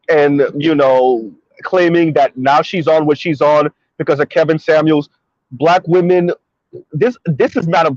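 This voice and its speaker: High-voiced man, sarcastic and emphatic. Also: a little mellow, no echo. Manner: emphatic, sarcastic, repeats points. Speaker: commentary vlogger. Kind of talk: opinionated commentary monologue. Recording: dull lo-fi recording.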